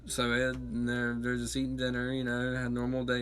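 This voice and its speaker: A man's voice: mid-range voice, monotone, moderate pace, hardly any pauses, a bit bright, low-quality recording. A man giving a casual spoken review of a TV episode, rambling along with lots of fillers and self-corrections. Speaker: film and TV reviewer.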